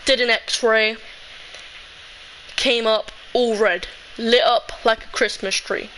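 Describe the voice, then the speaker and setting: Rambling young woman, high voice. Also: fairly even intonation, slow pace, bright, forceful tone, a little hiss or hum, poor audio. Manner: emotional, rambling, full of "like". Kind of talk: casual storytelling.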